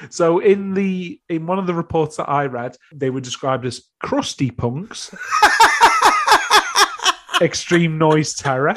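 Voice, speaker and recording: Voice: mid-range voice, takes it slowly, pauses often. A co-host of a casual music podcast, wry and dry, making crude jokes.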